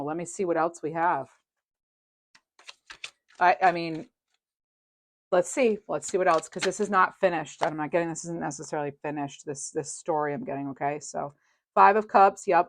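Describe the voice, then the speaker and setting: A woman giving a casual tarot reading to camera. She is chatty, gentle and sympathetic, thinks aloud and often laughs. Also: sits low, fairly even intonation, normal speed, no echo. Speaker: tarot reader.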